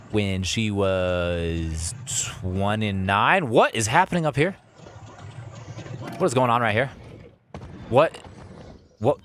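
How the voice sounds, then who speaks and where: A man's voice: fairly low pitch, slight background noise. Young guy doing live game commentary, goofy and chatty, voice bouncing all over the place. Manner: playful, animated, jokes with chat. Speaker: let's play streamer. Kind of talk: live-streamed gameplay commentary.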